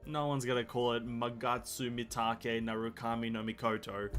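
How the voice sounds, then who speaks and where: A man's voice: mid-range voice, steady tone, a little fast, hardly any pauses, a bit bright, faint music behind. Rambling, swearing male gaming streamer. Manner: rambling, self-mocking, swears freely; reads game text aloud with slips. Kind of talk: casual live-stream chat.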